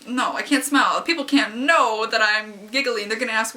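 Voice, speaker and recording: A young woman giving a casual, rambling review of a story she loved, excitable and giggly, jumping into high squeals when she acts out her own reactions. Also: normal speed. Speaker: fanfic reviewer.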